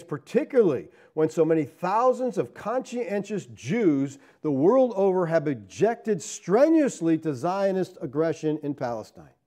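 Animated preacher man with lively pitch. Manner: animated preaching with rhetorical questions to the congregation; swings between loud emphatic lines and low asides. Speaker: pastor. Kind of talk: sermon.

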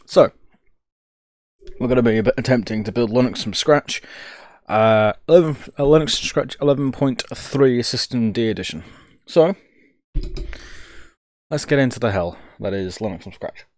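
A man's voice: mid-range voice, normal speed, pauses often, a little mellow, no room sound, studio quality. A young man streaming live, joking, swearing freely and thinking aloud as he works. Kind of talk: casual live-stream commentary.

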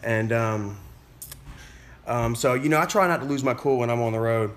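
A man in a casual vlog, recounting a story in a relaxed, rambling way. His voice sits in a middle pitch, and he stumbles through restarts and fillers while swearing casually. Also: moderate pace, a little hiss or hum. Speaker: vlogger.

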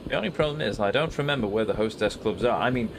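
A man's voice: fairly low pitch, animated, quick pace, gravelly, noisy background. A man giving let's play commentary as a gaming host, with dry self-mocking asides. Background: game music.

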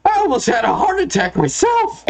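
Shrill, panicky lone camper voiced by a man, very high and loud, noisy recording. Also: lively intonation, a little slow, gravelly, heavily acted. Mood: panicked. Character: jumpy male hiker camping alone in snow.

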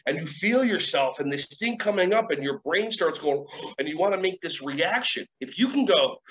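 A man leading a casual webinar lesson from home, energetic and rambling, acting out quoted voices and guiding breathing exercises. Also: on the high side. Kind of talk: casual teaching talk with guided exercises. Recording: dull lo-fi sound, faint ambience.

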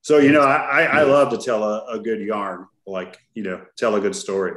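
A laid-back podcast host from Texas with a lowish voice, rambling through stories with a grin and plenty of "you know"s. The recording has a noticeable roomy echo, and his talk stays loose and conversational. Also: steady tone, normal speed, fairly bright tone. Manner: laid-back, jokey storyteller with lots of fillers. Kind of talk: casual podcast chat. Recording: roomy echoey sound.

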